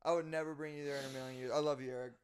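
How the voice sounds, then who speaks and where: A man's voice: fairly high pitch, little pitch movement, racing, smooth. A young man co-hosting a podcast, laughing and chiming in with reactions during a story. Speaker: podcast co-host. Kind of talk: casual chat.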